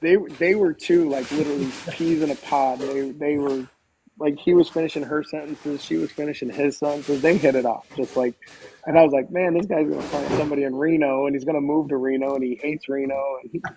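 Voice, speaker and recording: Man telling lively bowling stories. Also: fairly high pitch, fairly quick, a little hiss or hum, poor audio. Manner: animated storyteller, quotes others, frequent fillers and restarts. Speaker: podcast guest. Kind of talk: casual storytelling.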